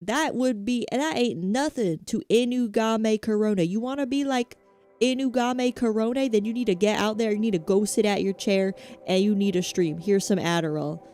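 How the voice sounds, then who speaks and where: A woman putting on a ruthless male coach who barks orders at his protege. He yells high and loud in a Southern accent, with a clipped drill-sergeant force. Faint game music sits underneath. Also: moderate pace, natural voice. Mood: barking. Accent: Southern American. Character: harsh, hard-driving male coach barking at his protege.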